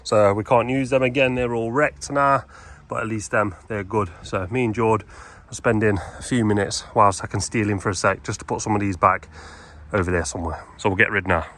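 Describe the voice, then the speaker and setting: A man's voice: on the low side, fairly even intonation, a little fast, a bit bright. A man giving casual vlog commentary to viewers while he works on fencing jobs outdoors, matter-of-fact and chatty. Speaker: fencing tradesman vlogger. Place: outdoors at work sites and a yard, windy. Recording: wind noise outdoors.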